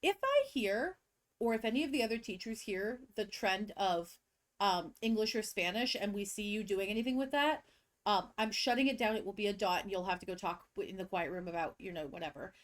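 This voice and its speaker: A young woman co-hosting a podcast with a stuffy cold, telling animated stories about her students and acting out their voices. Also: mid-range voice, fairly quick. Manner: animated storyteller who acts out kids and teachers. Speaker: podcast co-host, teacher. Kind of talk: casual chat, storytelling.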